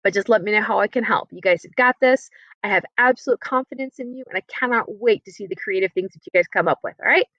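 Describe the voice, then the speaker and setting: A woman teaching a French lesson in English, upbeat and encouraging, sounding words out slowly. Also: mid-range voice, fairly bright tone, dry recording. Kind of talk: recorded remote lesson. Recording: dry, slightly dull computer-mic audio.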